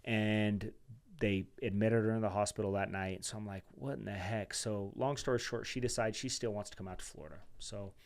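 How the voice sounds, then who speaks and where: A man as a podcast guest telling a personal story in a casual, animated way. He talks loosely and calls his listener "dude" and "man". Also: fairly low pitch, brisk, clear, resonant tone. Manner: chatty and animated, says "dude" and "man", acts out quoted dialogue.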